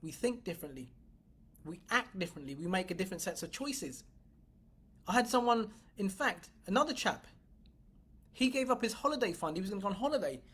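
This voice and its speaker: Husky, blunt, swearing woman coach. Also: medium pitch, lively intonation, a little fast, pauses often, a bit bright. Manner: blunt and profane, emphatic, addresses viewers directly. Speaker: business coach. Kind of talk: motivational livestream talk.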